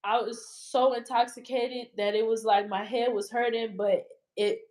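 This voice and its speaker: A woman with a high voice sits for a casual interview. She tells a personal story in a loose, rambling way, full of fillers and emotion. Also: fairly even intonation, normal speed, a little mellow, poor audio. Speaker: interview guest.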